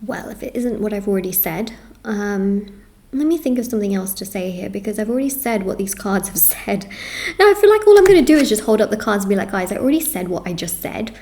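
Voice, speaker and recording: A woman's voice: medium pitch, animated, dark tone. A woman reading tarot cards for her viewers, talking in an earnest, reassuring way, repeating herself and running through lists. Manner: lists things in quick runs. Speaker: tarot reader.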